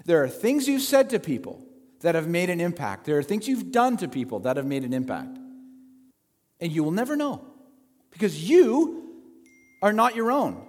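A man preaches with a high, lively voice that rises and falls over a wide range. His delivery swings from loud, pressing points to quiet asides. The sound rings out in a long hall reverb, as in a church sanctuary. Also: moderate pace, pauses often. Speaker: pastor. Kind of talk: sermon. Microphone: handheld or headset mic with feedback.

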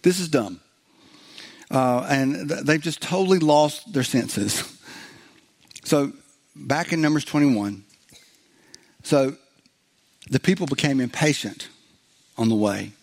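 A man's voice: mid-range voice, takes it slowly, long pauses. A man preaching a sermon in a loose, conversational way, acting out biblical voices with humor and many restarts. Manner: frequent fillers and restarts. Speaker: pastor.

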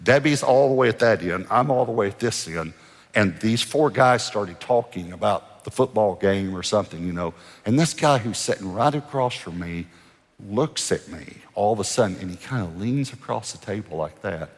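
Husky-voiced pastor preaching in a reverberant hall. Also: male voice, lowish voice, moderate pace. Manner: animated storyteller acting out dialogue. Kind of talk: sermon storytelling. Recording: long hall reverb from a church.

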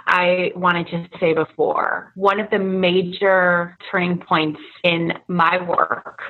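A woman co-hosting a podcast, reflecting in a slow, measured way. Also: on the low side, level tone. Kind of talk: conversational reflection. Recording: tinny phone-like line.

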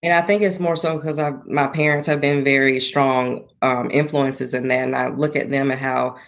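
A woman's voice: very deep voice, fairly even intonation, normal speed, vocal fry. Earnest young woman, reflective interview guest. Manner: reflective, earnest, laughs easily. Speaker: guest, former college athlete turned entrepreneur. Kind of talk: conversational interview.

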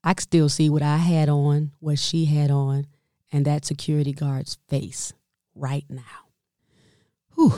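A middle-aged woman hosting a podcast, telling a personal story in a lively way, calling her listeners y'all and going quiet and soft when moved. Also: low-pitched, a little slow, dry recording, studio quality. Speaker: podcast host.

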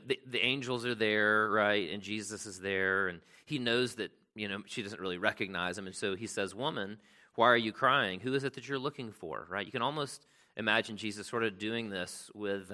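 A man's voice: lowish voice, bright, forceful tone. A man preaching a sermon in a conversational way, often asking "right?" and reading scripture aloud with extra emphasis. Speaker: pastor.

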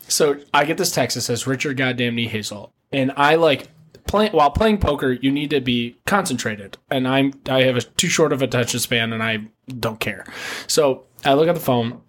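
A man's voice: mid-range voice, fairly bright tone. A man co-hosting a podcast, telling a crude story in a rambling way with lots of laughs. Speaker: podcast co-host. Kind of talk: casual storytelling chat.

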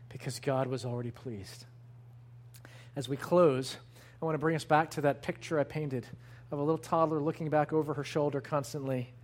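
A man preaching a sermon in an earnest, emphatic way, slowing to stress the words that matter. His voice sits a little higher than most men's. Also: darkish tone, a little hiss or hum. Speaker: pastor.

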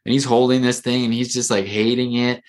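A man's voice: mid-range voice, level tone, brisk. A male therapist telling a story in a casual podcast conversation, rambling with lots of fillers and restarts.

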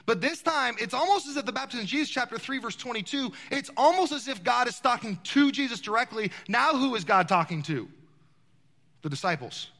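A man's voice: very high-pitched, expressive, brisk, pushed and bright. A man preaching a sermon to his congregation in a large church, asking them rhetorical questions as he speaks. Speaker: pastor. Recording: long hall reverb.

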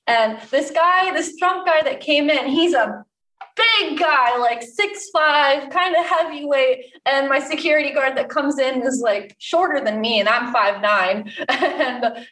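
A young adult woman who works as a bartender tells a story in casual chat, her voice high, a bit bright and unhurried. She laughs often and uses plenty of fillers, heard from a distance in an echoey room.

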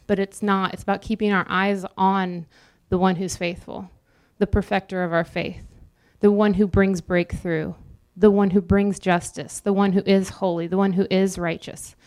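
Young woman preacher, smooth clear voice, conversational sermon with light teasing. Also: medium pitch, level tone, moderate pace, hardly any pauses. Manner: conversational, jokes with the congregation.

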